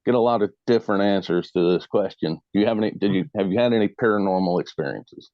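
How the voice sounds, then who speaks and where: A man's voice: low voice, fast talker, dry recording, lo-fi sound. A man interviewing a guest, asking questions hesitantly with lots of fillers. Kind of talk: casual interview.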